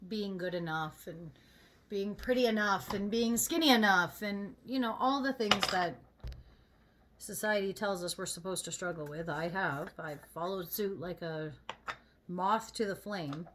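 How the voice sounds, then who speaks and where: A woman's voice: medium pitch, unhurried, fairly bright tone, slight background noise. A woman vlogger chatting casually while she gets ready, venting in a candid and emphatic way.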